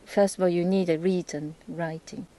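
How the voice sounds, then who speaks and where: A woman speaking hesitant, non-native English in a casual chat, often pausing to search for words. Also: fairly low pitch, steady tone, warm tone, rough recording. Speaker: host, English learner.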